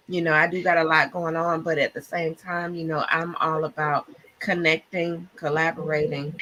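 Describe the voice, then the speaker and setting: Bright-voiced excitable woman host. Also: low voice, a little hiss or hum. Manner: excited, churchy, laughing often, Southern-style "y'all" talk. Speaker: podcast host. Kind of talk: casual live-stream chat.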